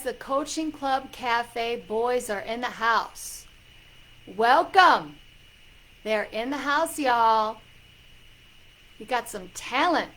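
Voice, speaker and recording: A woman hosting a casual livestream as a psychic coach, warmly greeting viewers by name with loud excited bursts. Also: fairly high pitch, slow pace, pauses often, rough recording.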